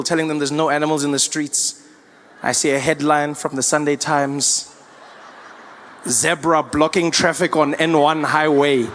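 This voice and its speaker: A young adult man with a South African accent performing stand-up comedy, animated and slipping into voices. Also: on the high side. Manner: animated, switches into character voices.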